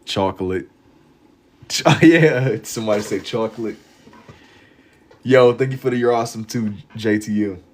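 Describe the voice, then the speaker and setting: A man's voice: medium pitch, normal speed. A young man casually chatting with his live-stream viewers while drawing, laid-back and full of slang. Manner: laid-back slang-heavy banter, reads chat aloud.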